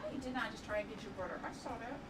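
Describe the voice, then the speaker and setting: A woman's voice: a little high, animated, very fast, very noisy. A woman gaming at home, chatting casually to viewers and cooing and scolding her cats in a playful sing-song. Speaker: gaming streamer. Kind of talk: casual chat while modding a game.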